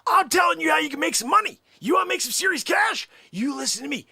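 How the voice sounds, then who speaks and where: A man improvising a sleazy, pushy crypto salesman on the phone, who whispers secrets and then shouts hype. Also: huge pitch swings, takes it slowly, heavily acted. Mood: hyped, shouting. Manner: hushed conspiratorial pitch then shouting hype. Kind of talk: improvised comedy sketch.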